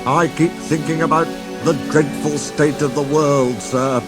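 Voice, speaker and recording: A man's voice: on the high side, fairly even intonation, unhurried, music in the background, pitched above the performer's own voice, lightly acted. A man voicing a proud, gloomy male express engine who speaks in a huffy, mournful way.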